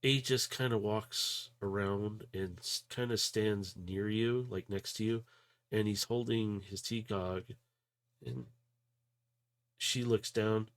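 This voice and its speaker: A man running a tabletop role-play, narrating in a relaxed, rambling way full of hedges and pauses. His voice sits on the low side and he takes his time. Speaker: game master.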